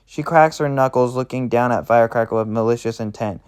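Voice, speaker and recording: A man narrating a roleplay aloud in a plain, steady reading voice. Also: medium pitch, a little fast, smooth.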